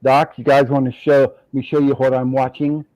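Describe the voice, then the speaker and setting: A man hosting a casual online video chat in a relaxed, agreeable way, often murmuring along while others talk. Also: medium pitch, normal speed, dry recording, low-quality recording. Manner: relaxed, agreeable, fills gaps with mm-hmm. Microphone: video call mic.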